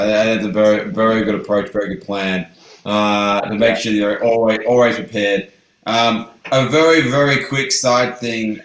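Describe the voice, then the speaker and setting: A man hosting a live stream show, upbeat and rambling, talking in quick bursts. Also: medium pitch, roomy sound, rough recording. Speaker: host. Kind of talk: live stream host chat.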